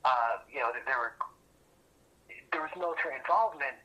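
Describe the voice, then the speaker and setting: A man's voice: mid-range voice, fairly quick, bright, forceful tone, dull audio. A man, an interview guest, telling a long, detailed story that circles back on itself. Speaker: interview guest, former police officer. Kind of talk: casual storytelling over a call.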